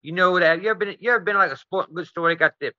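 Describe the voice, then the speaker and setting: A man's voice: high-pitched, very fast, bright, forceful tone, dry recording, dull audio. A man as an interview guest, telling a profane, rambling story and tagging his sentences with "right?".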